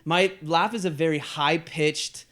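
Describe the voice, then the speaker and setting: A young man from Canada, co-hosting a podcast, who tells a story in casual, animated chat, swearing and laughing as he goes. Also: fairly high pitch, a little slow. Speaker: podcast co-host.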